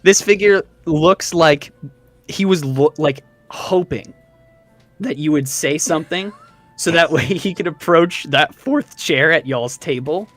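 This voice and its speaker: A man's voice: fairly high pitch, a little slow, fairly bright tone, no room sound, faint music behind. A man narrating as dungeon master in a tabletop game, loose and chatty with fillers and laughter.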